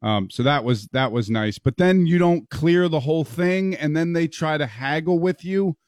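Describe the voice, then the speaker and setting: Wry man, slightly high voice. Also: normal speed, a little mellow, no echo, studio quality. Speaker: podcast co-host. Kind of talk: casual chat.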